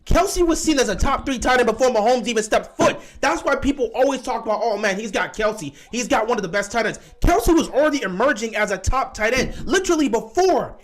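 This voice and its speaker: A man's voice: very high voice, lively intonation, fairly quick, hardly any pauses. A young man hosting a live sports reaction stream, arguing with his chat in an exasperated, repetitive way. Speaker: livestream host.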